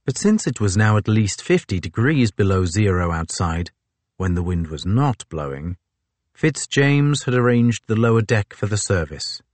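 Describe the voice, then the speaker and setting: A man reading a novel aloud as the narrator, in a measured, even storytelling manner on a close microphone. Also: fairly low pitch, no echo. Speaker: audiobook narrator. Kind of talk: scripted narration.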